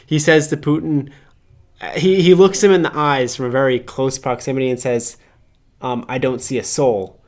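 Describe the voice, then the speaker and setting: A man's voice: mid-range voice, steady tone, moderate pace. Casual man co-hosting a political podcast. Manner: conversational, joking, many fillers. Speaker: podcast co-host.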